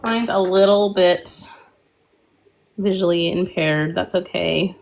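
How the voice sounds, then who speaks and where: Husky-voiced woman chatting while painting. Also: lowish voice, steady tone, slow pace. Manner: chatty, giggly, easygoing. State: losing her voice from illness. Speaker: co-host of a live painting stream. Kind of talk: casual chat while painting.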